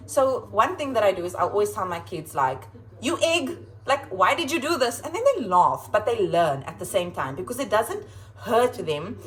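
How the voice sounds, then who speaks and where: A woman schoolteacher chatting casually in her home kitchen as she reads out quotes and adds playful, expressive asides. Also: mid-range voice, a little hiss or hum, rough recording. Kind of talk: casual vlog chat reading kids' quotes aloud.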